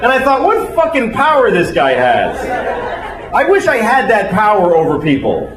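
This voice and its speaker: A man's voice: high voice, huge pitch swings, moderate pace. A man doing a crude stand-up set on stage, stammering at times and acting out scenes. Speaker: stand-up comedian. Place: roomy comedy venue with live audience. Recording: echoey live room with crowd.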